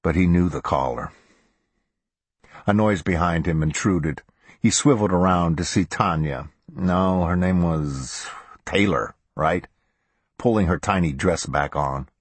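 A male narrator reads a crime audiobook in a steady, measured voice. His voice sits very low and husky, and the recording is dry and close with no room sound. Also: dry recording. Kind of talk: scripted narration.

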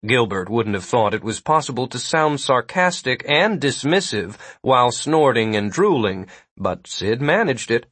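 A male narrator reading a fantasy audiobook in measured, steady storytelling. His voice is husky and mid-pitched, recorded close and dry with no room sound. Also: no room sound. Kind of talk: scripted narration.

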